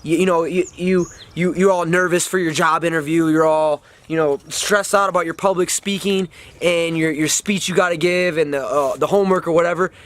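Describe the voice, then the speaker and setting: A man's voice: on the high side, steady tone, a little fast. A young man giving casual motivational advice, rambling and repeating himself with many fillers.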